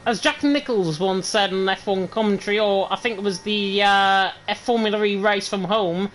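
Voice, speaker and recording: Guy doing fast hyped sim racing commentary on a headset, bit of hiss behind. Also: sits high. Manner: rapid, excited play-by-play. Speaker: lead commentator.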